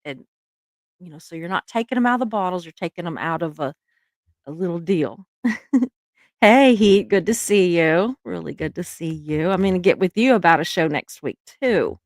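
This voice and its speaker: A middle-aged woman with a Southern US accent, hosting a casual livestream chat. She talks warmly to her viewers and laughs often. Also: lowish voice, lively intonation, dry recording, studio quality. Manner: chatty, laughs often, drawn-out words. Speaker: livestream host.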